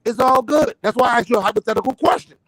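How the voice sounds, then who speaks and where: A man's voice: extremely high pitch, very fast, fairly bright tone, dry recording, rough recording. A middle-aged man in a heated boxing debate over a voice call, insistent, repeating his questions and swearing. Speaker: panel debater. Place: online voice call.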